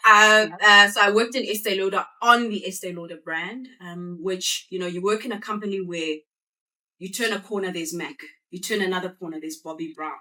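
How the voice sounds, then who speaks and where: A South African woman giving a conversational talk to a live audience, throwing quick call-and-response questions at the room. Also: fairly low pitch, bright, forceful tone, distant mic. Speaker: guest speaker. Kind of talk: conversational presentation.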